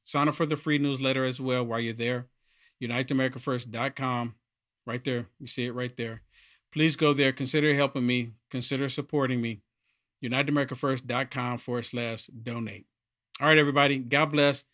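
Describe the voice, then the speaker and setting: Bright-voiced blunt male host. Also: medium pitch, fairly even intonation, brisk. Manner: blunt and opinionated. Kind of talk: political commentary show.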